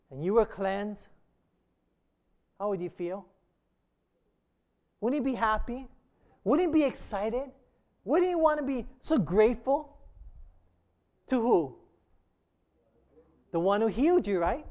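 A man's voice: extremely high pitch, slow, pauses often, darkish tone. A man preaching a sermon as a pastor, emphatic and asking the congregation rhetorical questions.

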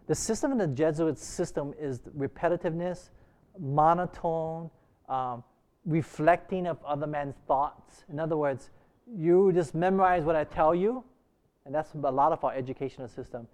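A man teaching a Bible study class, pitched a little high for a man. He talks in a loose, conversational way, firing questions at the group and circling back to restart his sentences. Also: normal speed, darkish tone. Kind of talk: interactive preaching class.

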